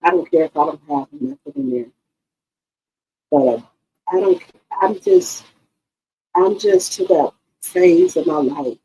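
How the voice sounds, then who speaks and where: Woman channel host, low gravelly voice, heartfelt, swoops up and down. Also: huge pitch swings, measured pace, pauses often, dark tone, slight background noise, poor audio. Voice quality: emotional, repeats herself, addresses viewers directly. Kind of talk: casual heartfelt talk to viewers.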